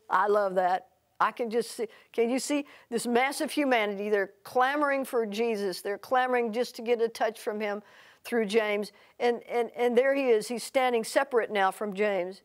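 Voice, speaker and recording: A woman preaching a sermon, telling a story with lively quoted voices and frequent restarts. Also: fairly high pitch, normal speed.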